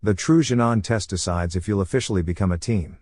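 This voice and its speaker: A man reading the lines of a laid-back, teasing adult male ninja teacher in an easygoing, unhurried way. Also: sits low, darkish tone, no room sound, studio quality.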